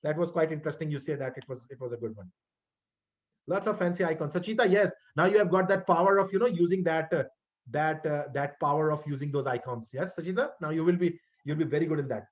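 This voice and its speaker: A man's voice: a little high, fast talker. A male instructor wrapping up an online web development class, often repeating and restarting words in a friendly, encouraging way. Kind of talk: online class lecture wrap-up. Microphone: computer mic on a video call. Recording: dull lo-fi call audio.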